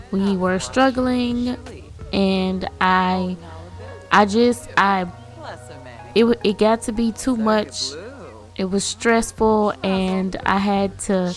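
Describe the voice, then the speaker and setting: A woman voicing a defensive young husband, talking in a halting, stammering way close to her own voice. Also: medium pitch.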